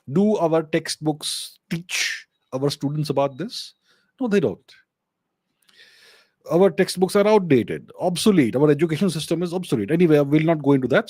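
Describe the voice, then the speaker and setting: A man's voice: fairly high pitch, a little mellow, no room sound. A middle-aged man with an Indian English accent, hosting a solo Q&A show, explaining with rhetorical questions and thinking aloud. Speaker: host answering viewer questions. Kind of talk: solo Q&A livestream.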